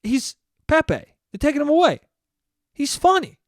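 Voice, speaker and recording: A man's voice: extremely high pitch, sing-song, moderate pace, no echo, clean studio sound, voice pushed up. A man putting on the voice of a grumbling middle-aged male cop who insistently repeats his complaint. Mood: indignant.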